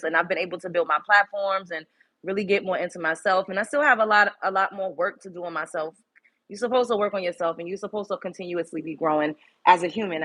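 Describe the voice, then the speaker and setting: A woman's voice: mid-range voice, sharp tone. A young woman from Brooklyn, hosting a casual livestream, blunt and candid, swearing freely and greeting viewers by name. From Brooklyn, New York. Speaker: livestream host.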